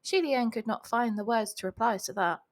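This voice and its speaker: A woman's voice: on the high side, moderate pace. A young woman reading a novel aloud at home, breaking off with chatty, giggly comments. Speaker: reader of a novel. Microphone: home voice recording.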